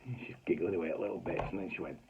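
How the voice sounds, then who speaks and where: This middle-aged sitcom writer from the North of England speaks rapid-fire in a low, fairly even voice, with background noise behind him and a tinny, phone-like sound. His storytelling is casual and anecdotal: broad, chatty, lightly sprinkled with swearing, and full of acted-out voices.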